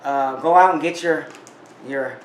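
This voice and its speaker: Talking about his records to camera, a man who collects vinyl and vlogs tells a chatty story full of restarts. He speaks unhurriedly in a fairly high voice, recorded slightly off-mic with roomy echo and faint background noise.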